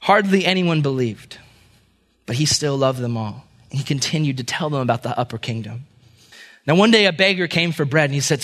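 A man's voice: on the high side, expressive, a little fast, fairly bright tone. A man preaching a sermon, telling a dramatic parable. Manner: dramatic storytelling. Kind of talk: sermon storytelling.

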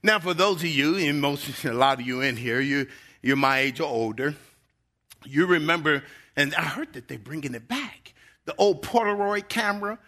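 Middle-aged guy preaching, high bright voice, stretches words out for emphasis. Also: expressive, normal speed. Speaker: pastor. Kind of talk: sermon.

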